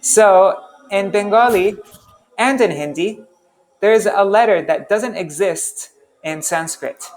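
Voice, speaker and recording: A man teaching a relaxed language class, chatty and self-interrupting, who repeats sounds over and over to demonstrate them. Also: sits high, slow. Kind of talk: casual online class.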